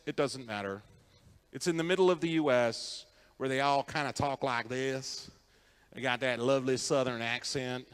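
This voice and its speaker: A man delivers a keynote in a conference hall, telling stories conversationally and asking the audience questions. His voice is slightly high and a bit bright, with a long reverb tail.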